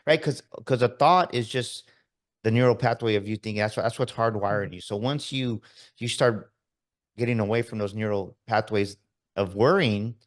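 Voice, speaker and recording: A man hosting a podcast, telling stories in an animated way and often checking in with "right?". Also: lowish voice, normal speed. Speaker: podcast host. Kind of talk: casual interview chat.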